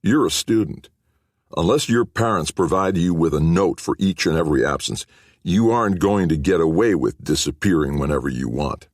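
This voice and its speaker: A man reading an audiobook, voicing a bullying middle-aged coach and teacher who talks in a gruff, scornful way. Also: deep voice, lively intonation, moderate pace, no room sound, clean studio sound.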